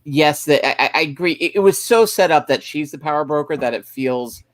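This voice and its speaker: A man's voice: a little high, a little fast, no room sound. A man on a casual movie discussion podcast, blunt and dismissive, swearing freely. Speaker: podcast co-host.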